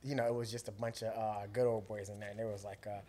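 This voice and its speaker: A man's voice: on the low side, level tone, quick pace, mellow. A man co-hosting a podcast, sharing laid-back anecdotes in casual chat and laughing often.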